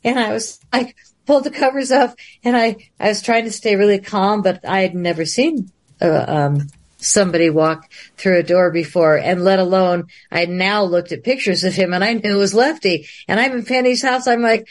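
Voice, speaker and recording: A woman guest on a livestream interview, telling a long story in an animated way and laughing often. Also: mid-range voice, normal speed.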